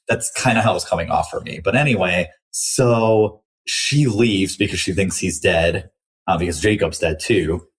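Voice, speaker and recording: A man's voice: on the low side, slightly rough. A young man hosting a book podcast, chatting casually through a review with lots of likes and restarts.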